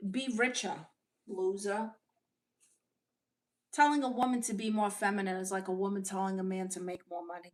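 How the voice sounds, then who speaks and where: A woman hosting a comedic livestream as a sassy aunt, brashly teasing her chat with quick comebacks. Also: mid-range voice, fairly even intonation. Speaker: livestream host reading chat.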